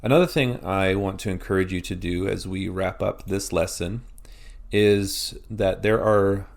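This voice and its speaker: A man's voice: low-pitched, steady tone, measured pace, vocal fry. A man teaching a recorded language lesson, explaining patiently and encouraging practice.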